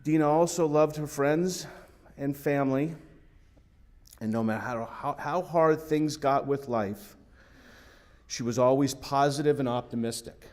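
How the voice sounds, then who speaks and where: A man giving a funeral eulogy for his sister, halting and emotional, repeating words. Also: mid-range voice, darkish tone. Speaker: eulogist, sibling of the deceased.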